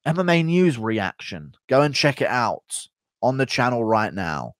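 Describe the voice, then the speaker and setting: A man's voice: mid-range voice, big pitch swings, unhurried, no room sound. A man hosting a live stream, reading out donations and answering chat questions in a blunt, profane, rambling way. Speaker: streamer host.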